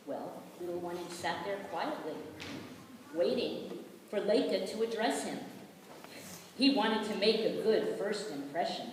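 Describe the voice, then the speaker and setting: A woman's voice: mid-range voice, a little hiss or hum. A woman narrating a puppet show story to a school audience. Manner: slow, expressive storytelling. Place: school auditorium. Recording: echoey hall from far off.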